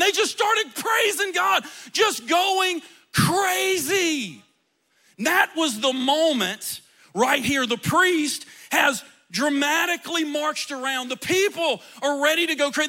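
A male pastor preaching a sermon with dramatic storytelling, often rising into shouts. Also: extremely high pitch. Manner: impassioned, often breaking into shouts.

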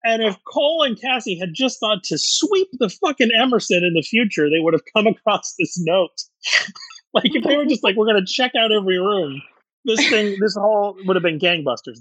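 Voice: mid-range voice, animated, normal speed, fairly bright tone, husky, no echo, rough recording. A guest from the show's creative side, rambling casually with chuckles and some swearing. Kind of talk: casual interview chat.

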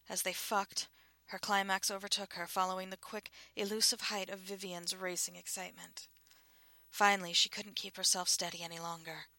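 A woman reading a novel aloud as narrator in a hushed, breathy style that often drops to a half-whisper. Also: lowish voice, dry recording. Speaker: audiobook narrator. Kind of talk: scripted narration.

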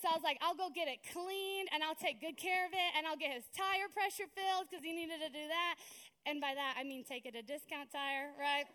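A woman's voice: high voice, moderate pace, bright, forceful tone. A young woman preaching a sermon in a conversational, storytelling way, often checking in with "right?".

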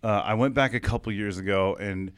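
A man's voice: fairly low pitch, a little fast, a bit bright, smooth, no echo. A man in his thirties from California, hosting a casual comedy chat in a studio, rambling, swearing and laughing often. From Fresno, California. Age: 30s. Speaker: podcast host.

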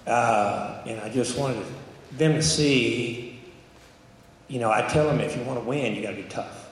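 A man's voice: medium pitch, measured pace. Male coach, earnest audience question, echoey hall. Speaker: basketball coach.

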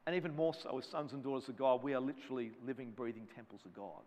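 A man's voice: mid-range voice, fast talker, darkish tone, in a large hall. A man preaching a sermon as a pastor, fervent and driving, built around repeated refrains.

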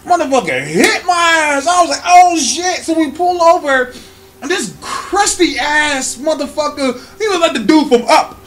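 A young man from California, telling a story in a casual chat as a podcast host. He is animated and profane, and often laughs as he talks. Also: very high-pitched, moderate pace, a little hiss or hum.

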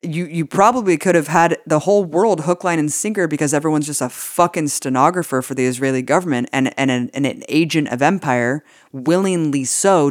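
A woman's voice: deep voice, dry recording. Woman, podcast co-host, casual political talk, indignant and profane, filler-heavy, dry close sound.

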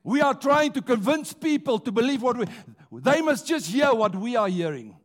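A man preaching a rousing sermon in a church, slowing down for emphasis and calling on the congregation to respond. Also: very high voice, very animated.

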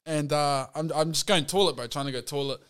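Laid-back high-voiced New Zealand man. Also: brisk, fairly bright tone, clear, resonant tone. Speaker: guest. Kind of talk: casual chat.

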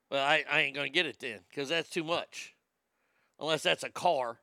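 Bright, clear-voiced man riffing casually. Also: fairly high pitch, normal speed, no echo, studio quality. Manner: profane, joking, reads headlines with mock drama. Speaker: podcast host. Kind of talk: casual news reaction with chat reading.

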